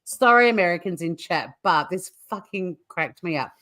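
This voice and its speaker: An Australian woman co-hosts a loose comedy news chat, with a slightly low voice. She talks quickly in asides and swears without a second thought. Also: lively intonation, a bit bright. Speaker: co-host.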